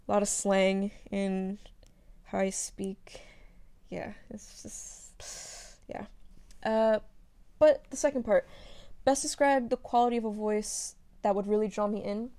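A woman's voice: medium pitch, dark tone. Chatty young American woman, phone memo. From from the United States. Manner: chatty, slangy, lots of fillers and laughs. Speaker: audio performer answering listener questions. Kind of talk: casual monologue answering questions.

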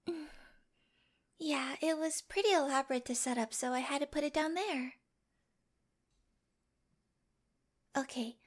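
A woman voicing a sweet but obsessive young girlfriend with a dark streak in a whispered role-play, speaking straight to the listener with giggles and coaxing whispers. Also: sits high. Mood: playful secretive. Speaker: voice actor in listener-addressed audio drama.

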